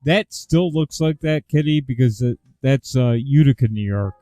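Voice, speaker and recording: A man's voice: medium pitch, normal speed, mellow. A man casually commenting on a video he is playing, in a wry, amused, offhand way. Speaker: host reacting to a video. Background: faint jazz music.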